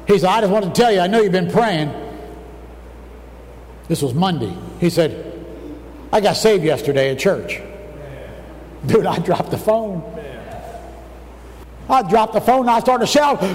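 A man preaching a fervent sermon, telling a story and breaking into shouts at its high points. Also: lively intonation, moderate pace, long pauses. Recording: distant mic, long hall reverb, faint room noise.

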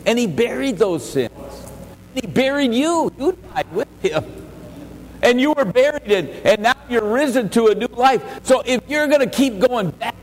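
A male pastor preaching a sermon in a church, emphatic, rising to raised exhortation and dropping to quiet earnest asides, often repeating words as he restarts. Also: very high-pitched, sing-song, moderate pace. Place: church sanctuary. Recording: long church reverb, faint ambient noise.

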